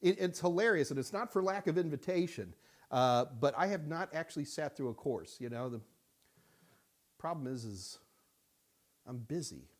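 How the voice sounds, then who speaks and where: A fairly high-voiced man hosts a relaxed live-stream Q&A. He jokes around and greets chat viewers by name as he reads their questions. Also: normal speed, long pauses. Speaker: host answering viewer questions. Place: Houston studio.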